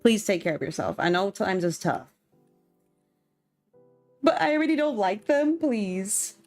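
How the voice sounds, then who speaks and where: Young woman rambling excitedly over music. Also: medium pitch, a little slow. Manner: animated, slangy, exclamatory rambling. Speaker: streamer. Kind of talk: casual chat while gaming.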